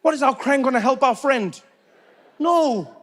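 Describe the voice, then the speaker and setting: A man with a South African accent performing a stand-up comedy set, telling animated stories with lots of repetition. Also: very high voice, a little slow.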